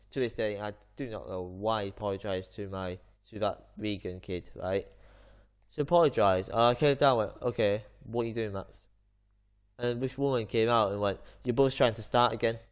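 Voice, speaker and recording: A man's voice: on the low side, moderate pace. A man, hosting a gaming video and rambling through an anecdote in casual chat. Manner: rambling anecdote full of fillers and restarts. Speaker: gaming channel host.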